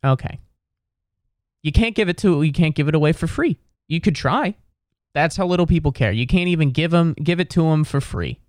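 Speaking fairly quickly with lively intonation, this Cincinnati-born podcast host, based in New York City, runs a solo show full of sardonic rambling and mocking voices. His slightly mellow voice is on the high side, with studio quality and no room sound.

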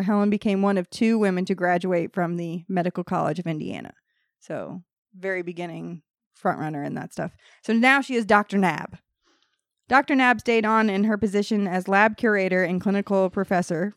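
A woman hosts a casual podcast, reading a history story from her notes. She keeps slipping into laughing banter with the others. Her voice sits at a middle pitch, and it is recorded dry and close. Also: brisk, no room sound. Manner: reads notes then breaks into laughing banter.

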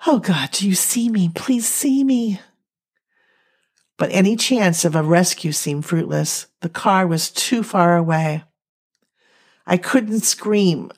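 A young woman telling a dramatic first-person story in a slow, emotional, halting reading. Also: lowish voice. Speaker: narrator.

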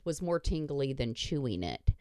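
Bawdy woman podcast host, lively voice. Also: a bass voice, normal speed, smooth, no echo, studio quality. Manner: bawdy, laughing, self-mocking. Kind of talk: casual chat.

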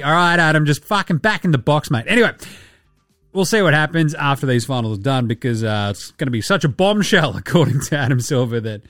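A man hosting a casual basketball podcast, animated and sweary with jokey asides. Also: medium pitch, fast talker, no room sound, studio quality, faint music behind. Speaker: podcast host.

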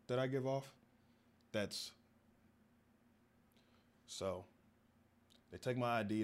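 A man from the American South telling a long comedic story, jumping into high-pitched voices for the people in it. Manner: animated, acts out other voices in high pitch. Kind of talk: storytelling stand-up.

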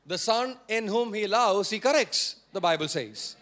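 A man's voice: high-pitched, expressive, a little slow, a bit bright. A male pastor preaching a sermon, repeating key phrases for emphasis and prompting the congregation to answer.

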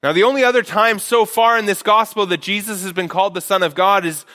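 A male pastor preaching an earnest expository sermon, slowing down to stress key phrases. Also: sits high, steady tone, bright, forceful tone.

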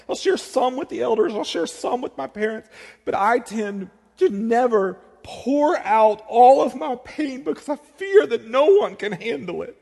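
A man's voice: extremely high pitch, gravelly, a little mellow, slightly rough. A male pastor, preaching a heartfelt sermon. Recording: long reverb of a large hall.

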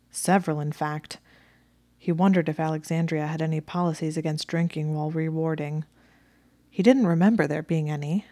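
A woman narrating a fan fiction story as an audiobook, in a steady, measured reading. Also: sits low, no echo. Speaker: reader.

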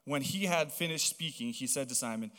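A young man from Hawaii preaching a sermon, telling stories in a chatty, animated way full of casual fillers. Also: medium pitch, a little fast. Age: young adult. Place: church auditorium. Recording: long reverb of a large hall.

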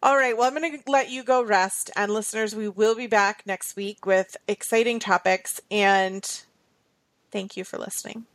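A woman co-hosting a podcast in casual chat, chatty and quick to laugh, with fillers and trailing thoughts. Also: medium pitch, fairly even intonation, a bit bright. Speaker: podcast co-host.

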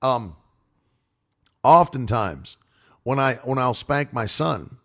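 A man's voice: mid-range voice, lively intonation, takes it slowly, a bit bright. A male preacher giving a flowing sermon on marriage and parenting, repeating key phrases for emphasis. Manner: loose, flowing delivery with restarts.

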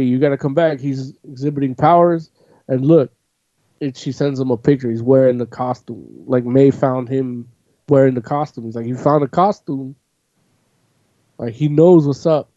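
A man's voice: medium pitch, normal speed, warm tone, dry recording. A man hosting a casual chat, rambling and swearing freely, with "like" in nearly every phrase. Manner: rambling, profane, full of "like". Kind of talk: casual chat, recapping a comic. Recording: dull lo-fi audio.

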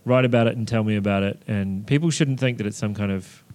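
A man's voice: fairly low pitch, quick pace, a little mellow. A man with a New Zealand accent, a bartender chatting casually on a podcast and sharing opinions with frequent fillers. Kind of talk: casual chat.

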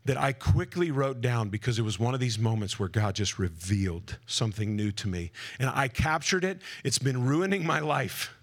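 Man, conference speaker, preaching talk, energetic, jokey asides, questions to the audience, mid-pitched voice. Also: moderate pace, hardly any pauses. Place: conference hall before a live audience.

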